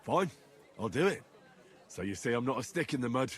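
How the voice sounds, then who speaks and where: An actor voicing an earnest, cautious young hero who asks careful questions. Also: male voice, mid-range voice, lively intonation, brisk, a bit bright, slightly rough.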